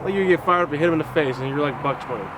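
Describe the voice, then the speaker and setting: A man from Alaska talks casually with a friend outdoors and acts out what others said in playful voices. His voice sits a bit high. Traffic and street noise run clearly behind him. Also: rapid-fire. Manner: animated, acts out quotes in funny voices. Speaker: co-host.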